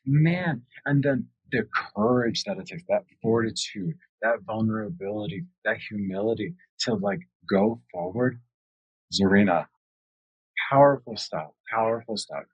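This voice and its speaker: A male podcast host with a very husky, breathy voice that sits low. He talks in a reflective, affirming way and repeats key words for emphasis. The sound is dry and slightly dull, like a lo-fi recording. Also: a little slow, no room sound. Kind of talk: reflective interview conversation.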